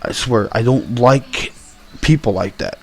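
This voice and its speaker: A young man in full rant mode, telling his story with angry, animated energy and a steady stream of swearing. His voice sits at an ordinary middle pitch for a man, and he talks straight to the camera like a vlogger venting. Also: measured pace.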